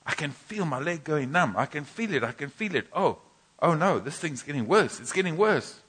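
A man's voice: a little high, big pitch swings, moderate pace, noisy background, pitched above the performer's own voice. A man voicing a panicking man who frets and whines over a snakebite. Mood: panicky. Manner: whining, fretful exclamations.

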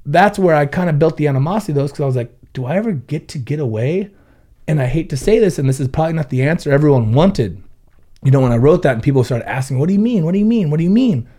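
A man's voice: on the high side, lively intonation, quick pace, warm tone. A man in his thirties from Southern California who owns a car audio shop, chatting casually with blunt, profane storytelling and quoted back-and-forth. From Ventura County, California. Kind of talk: casual podcast chat.

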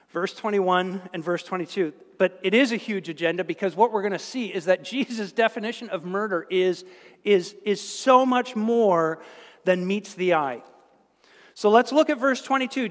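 High-voiced pastor preaching in a reverberant hall. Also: male voice, normal speed. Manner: animated, conversational preaching with repetitions and asides. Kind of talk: sermon. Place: church sanctuary.

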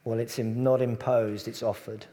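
A man delivers a conversational sermon at a middle pitch. He often sinks to soft, hushed tones on tender points. His voice rings with the long reverb of a church hall. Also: level tone, normal speed. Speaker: preacher.

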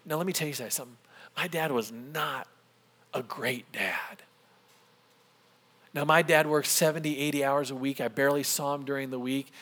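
A middle-aged man preaches a sermon in a fairly high voice, telling a story from his own life. He acts out the people in it with lively changes of voice. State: a little emotional. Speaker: pastor.

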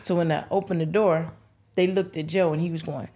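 A woman's voice: deep voice, brisk. A middle-aged woman telling funny family stories on a talk show, acting out the voices of the people in them. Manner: animated, acts out voices in her stories. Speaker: guest, host's mother. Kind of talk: casual storytelling.

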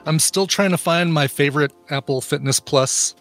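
A man's voice: a little high, moderate pace, a bit bright, no room sound, faint music behind. A man co-hosting a comedy podcast, explaining game rules with a dry, playful manner. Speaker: podcast co-host running the game. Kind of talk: casual comedic chat.

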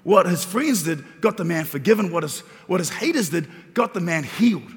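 Male pastor preaching, raspy high voice, repeats lines for emphasis, big reverberant church. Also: animated, normal speed. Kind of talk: sermon. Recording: long reverb of a large hall.

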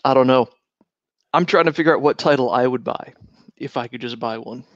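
A man co-hosting a casual chat, making dry jokes and laughing loudly. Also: mid-range voice, fairly quick, no echo. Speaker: podcast co-host. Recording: dry, dull lo-fi sound.

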